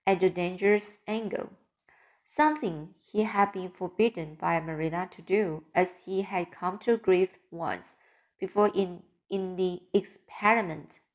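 A woman's voice: on the low side, measured pace. A woman reading a classic novel aloud as an audiobook. She often stops and restarts words. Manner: careful, with frequent restarts of words. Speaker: audiobook reader. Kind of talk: audiobook narration.

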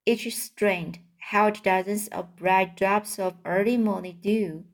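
Woman, storybook read-aloud, very slow, careful, occasional restarts, middle pitch. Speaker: audiobook reader.

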